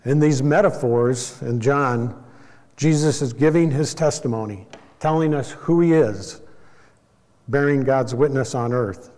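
A man giving a sermon as a Bible teacher, explaining in a measured way and now and then correcting himself. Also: medium pitch, darkish tone, big-room sound.

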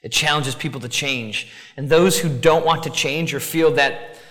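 A man preaching a sermon as pastor, talking in an animated, conversational way with asides. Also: fairly high pitch, normal speed, big-room sound.

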